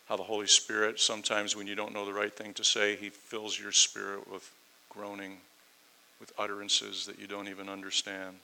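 A man preaching a sermon, reading scripture aloud and then explaining it in a conversational way, swinging between loud emphasis and quiet asides. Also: fairly low pitch, vocal fry, rough recording. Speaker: pastor. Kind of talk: sermon, verse-by-verse Bible teaching.

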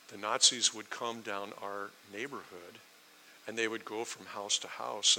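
Bright-voiced male preacher. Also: on the low side, slight background noise, poor audio. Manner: storytelling, emphatic. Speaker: pastor. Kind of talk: sermon.

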